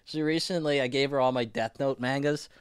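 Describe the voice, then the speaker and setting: A man chatting casually as a podcast guest, rambling with many restarts and fillers, and getting animated when he retells a story. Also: medium pitch, fairly quick, clean tone, dry recording, clean studio sound. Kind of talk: casual chat.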